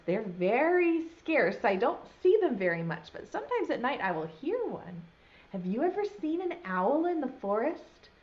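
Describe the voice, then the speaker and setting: A young adult woman, a preschool teacher, reading a picture book aloud to children on camera and warmly praising them by name. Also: on the high side, dull audio.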